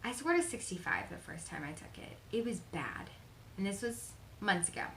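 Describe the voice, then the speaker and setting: A woman's voice: mid-range voice, sing-song, moderate pace, fairly bright tone, slight background noise. A young woman vlogger talking openly and earnestly about her life, chatty with frequent fillers. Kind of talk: personal confessional vlog. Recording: echoey room.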